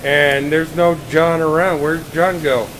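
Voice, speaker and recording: A man's voice: fairly high pitch, little pitch movement, a little slow. A middle-aged man narrating a casual vlog from behind his camera, teasing friends in a mock-formal, playful way. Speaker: vlogger filming friends. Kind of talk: casual joking vlog commentary. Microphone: handheld camera. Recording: noisy handheld camera audio.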